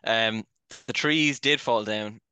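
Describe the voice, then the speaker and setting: A young man chatting on a podcast with playful ribbing. His voice is bright and crisp, with a low pitch, and the sound is dry and close. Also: takes it slowly, no room sound. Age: young adult. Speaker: podcast co-host. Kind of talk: casual chat.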